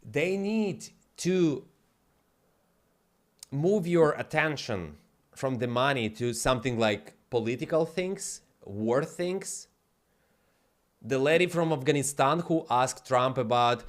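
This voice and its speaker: A man on a live stream launches into a heated, profane rant, hammering his points with blunt emphasis. His voice sits a little higher than most men's, and his grammar slips in a non-native way. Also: expressive, a little slow. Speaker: livestream host.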